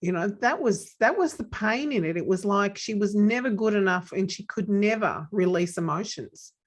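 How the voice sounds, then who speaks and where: A woman's voice: medium pitch, expressive, moderate pace. A woman podcast host, candidly sharing a personal story in casual conversation.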